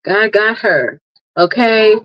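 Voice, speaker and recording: A chatty woman hosting a live stream talks to her viewers in a loose, lively way, laughing often and calling them honey. Her voice sits at an ordinary middle pitch. The sound is a little dull and lo-fi, close and dry. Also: slow, no room sound. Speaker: livestream host and marketing coach. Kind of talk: casual live chat.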